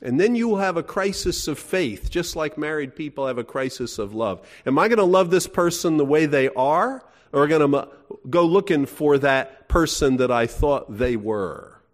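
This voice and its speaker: A man's voice: a little high, lively intonation, normal speed, few pauses. A middle-aged man preaching a sermon in a folksy, emphatic way, asking his listeners questions. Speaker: pastor.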